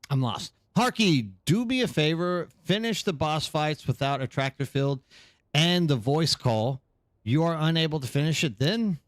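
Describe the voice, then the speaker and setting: Lively-voiced man streaming games. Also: on the high side. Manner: rambling, talks to chat viewers by name. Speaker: streamer host. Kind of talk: casual live-stream chat while gaming.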